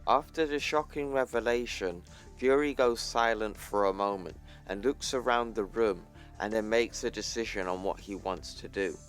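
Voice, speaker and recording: A man's voice: fairly low pitch, normal speed, soft background music. A man casually retelling a comic book story as a video creator. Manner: casual, plainly retelling panels. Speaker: YouTuber.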